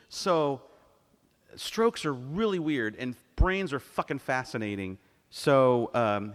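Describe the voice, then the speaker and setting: Man, mid-pitched voice, candid profane storytelling, acts out dialogue, stage mic, long hall reverb. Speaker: cartoonist telling stories on a convention stage. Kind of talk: live storytelling talk. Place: convention panel hall.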